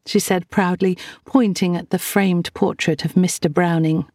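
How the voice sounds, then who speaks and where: A woman reading an audiobook in a measured, gentle narration. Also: on the low side, steady tone, no echo, clean studio sound. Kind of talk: scripted narration.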